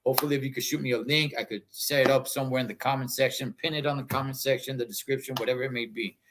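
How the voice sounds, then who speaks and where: A man's voice: medium pitch, fairly even intonation, rapid-fire, fairly bright tone. A male host wrapping up his show in a casual, enthusiastic way, slipping in Spanish words. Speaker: podcast host.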